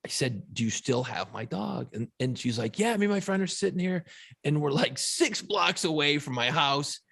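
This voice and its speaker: A middle-aged man, co-host of a podcast, telling a story in a profane, animated, casual way. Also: medium pitch, gravelly, slightly rough.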